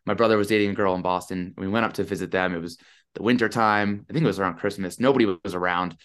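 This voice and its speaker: A man in his thirties, a podcast guest telling a story in a chatty, animated way over a video call. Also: deep voice, fast. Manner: animated, chatty, lots of "I'm like". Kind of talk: casual storytelling.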